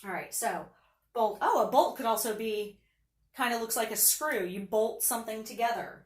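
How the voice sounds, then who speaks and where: A woman's voice: a little high, moderate pace, echoey room, far from the mic. A woman teacher giving a patient phonics lesson, sounding out letters and words for young students.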